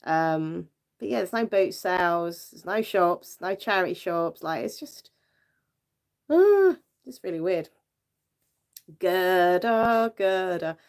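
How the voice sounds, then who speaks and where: A British woman runs a relaxed livestream, chatting and giggling with viewers and using lots of fillers. Her voice is on the low side with lively intonation, and she speaks slowly with long pauses.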